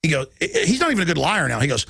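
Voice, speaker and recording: Middle-aged man, radio host, heated monologue, bright tone, dry close sound. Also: fairly high pitch, huge pitch swings, fast, vocal fry, slightly rough, no room sound. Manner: ranting, mimics opponents in mocking voices. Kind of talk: fiery political monologue.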